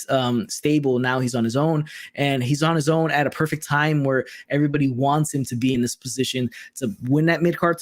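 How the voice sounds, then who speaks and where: A man hosting a casual podcast chat, rambling and often asking "right?". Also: on the high side. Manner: rapid, rambling, asks "right?" a lot. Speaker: podcast host.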